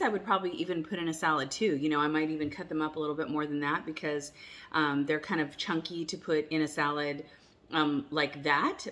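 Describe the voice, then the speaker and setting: A woman with a voice pitched a little low talks through a casual kitchen taste test. She rambles and backtracks, full of fillers, and sometimes speaks with her mouth full. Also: fairly bright tone. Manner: chatty and rambling, many fillers and restarts; talks while chewing food at times. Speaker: cooking vlogger.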